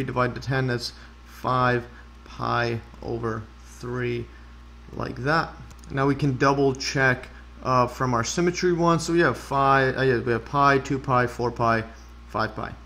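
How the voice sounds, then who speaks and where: A man talks through a math problem in a casual screen-recorded lesson, in a voice of average pitch. He thinks aloud, filling pauses and correcting himself as he goes, and gets excited about the animation. A faint hiss of noise sits under the voice. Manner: thinks aloud with frequent fillers and self-corrections. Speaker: math tutor.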